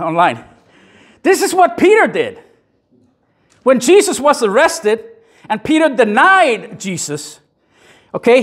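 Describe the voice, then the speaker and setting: A man preaches a sermon in a church. His high voice swings widely in pitch, climbing on emphatic points and dropping low and soft on solemn ones. He talks conversationally, pausing for the congregation's amens. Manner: conversational, with self-deprecating asides. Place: church sanctuary.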